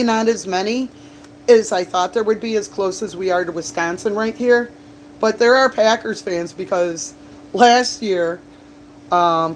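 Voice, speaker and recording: Chatty woman livestreaming, slightly low voice. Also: slight background noise. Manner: chatty, rambling, laughs and coughs between stories. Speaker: livestreamer and bartender. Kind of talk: casual livestream chat. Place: bar, indoors.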